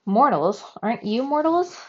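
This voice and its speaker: A woman's voice: mid-range voice, moderate pace, a little mellow, dull audio, slight background noise, close to an everyday voice. A woman voicing a curious bookish girl.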